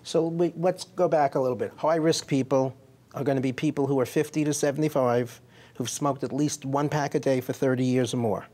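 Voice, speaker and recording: A man's voice: medium pitch, fairly even intonation, brisk, darkish tone. A man, a physician hosting a health interview, asking leading questions and summarizing. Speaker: physician host. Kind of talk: medical interview.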